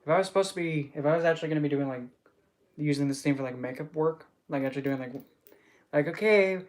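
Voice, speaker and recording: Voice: mid-range voice, steady tone, very fast, a little mellow. Rambling livestream host, giggly and exclamatory, casual chat, answers viewers with pet names, mid-range voice. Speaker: streamer hosting an open chat.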